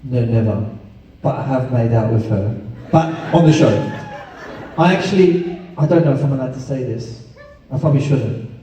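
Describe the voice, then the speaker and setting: A man's voice: mid-range voice, expressive, normal speed, long pauses, mellow. A man answering fan questions at a convention panel, joking and laughing often. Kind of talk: casual panel Q&A with fans. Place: large convention hall. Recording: echoey hall, picked up from far off.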